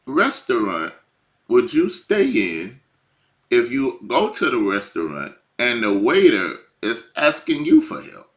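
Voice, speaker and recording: A man preaching informally, swinging from hushed lines to near shouting. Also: mid-range voice, wildly swooping pitch, takes it slowly. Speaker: bible teacher.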